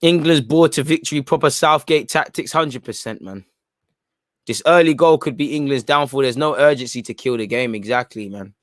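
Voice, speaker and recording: A man's voice: medium pitch, normal speed, dry recording, studio quality. Chatty opinionated man commenting on a match. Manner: opinionated, chatty, often ends phrases with "man"; reads chat messages aloud and reacts. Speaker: football watchalong host. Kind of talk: live casual match commentary.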